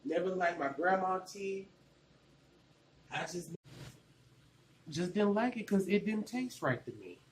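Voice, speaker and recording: A man's voice: high voice, animated, measured pace, long pauses, reverberant, slight background noise, low-quality recording. A man from Arkansas with a Southern accent, rambling casually while he walks through a cooking tutorial in his home kitchen. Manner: chatty, rambling, colloquial. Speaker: cooking vlogger.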